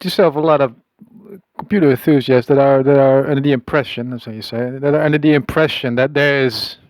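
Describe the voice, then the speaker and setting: A man's voice: mid-range voice, fairly even intonation, darkish tone, dry recording, rough recording. Rambling man in a put-on accent. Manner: rambling, halting, conspiratorial, self-amused; putting on an unplaced accent. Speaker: comic monologuist. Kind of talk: rambling comic audio message.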